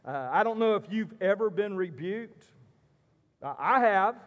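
A man preaching a sermon as pastor, telling folksy stories and pausing on "uh" fillers. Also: high voice, animated. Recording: long hall reverb.

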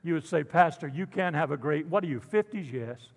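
A man's voice: fairly high pitch, a little fast, gravelly. An older man preaching a sermon as pastor in a church, fervent and drawn out on the big lines, with joking asides. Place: church sanctuary. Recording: long hall reverb.

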